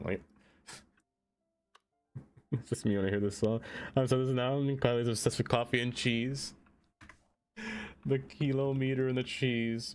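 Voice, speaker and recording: Chatty man streaming a game. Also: mid-range voice. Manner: chatty, laughs often, greets chat by name; playful, easily excited. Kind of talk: casual live-stream chat.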